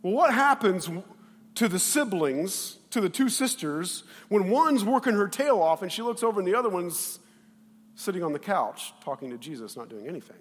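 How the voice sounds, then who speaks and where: With a husky voice pitched a little high for a man, this pastor preaches conversationally and with energy at normal speed. He jumps between loud bursts and soft asides, voices the quotes himself, and the sound echoes long as in a church hall.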